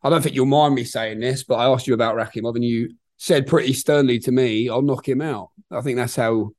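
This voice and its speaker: A man's voice: mid-range voice, fairly even intonation, darkish tone, no echo. A man hosting a podcast, asking friendly, casual questions of a boxer. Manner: quick, friendly questioning, calls people mate. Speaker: podcast host, interviewer. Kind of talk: casual interview chat.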